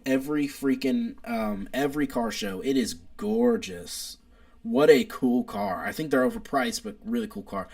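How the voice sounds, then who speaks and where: A man's voice: mid-range voice, wildly swooping pitch, moderate pace, creaky, darkish tone. A young man, hosting a casual live stream, opinionated and rambling as he reads chat aloud. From United States.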